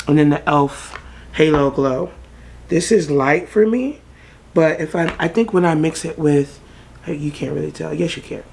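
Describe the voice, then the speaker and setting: A woman's voice: sits low, darkish tone. A woman vlogger chatting casually through a makeup haul, swearing freely and breaking into song now and then.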